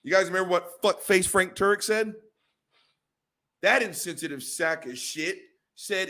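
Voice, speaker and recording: A man with a slightly high voice runs a reaction stream. He rants in an angry, profanity-heavy way and keeps up a heated commentary on a clip he is playing. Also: unhurried, sharp tone. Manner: angry, swearing, heated ranting. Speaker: show host.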